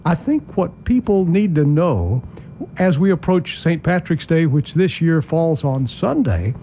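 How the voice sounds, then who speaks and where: A man's voice: fairly high pitch, expressive, a little slow, warm tone, slight background noise. A man hosting a morning radio talk show, chatting and teasing his guests in a friendly way. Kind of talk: casual radio chat.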